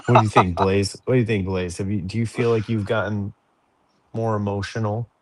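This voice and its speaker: Co-host, thirties man, deep voice, jokey, dry close recording. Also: steady tone, no echo. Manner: joking, quick to laugh. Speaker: podcast co-host. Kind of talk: casual chat.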